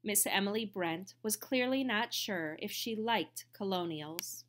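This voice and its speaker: A woman narrating an audiobook in a measured, expressive reading voice. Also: medium pitch. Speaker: audiobook reader.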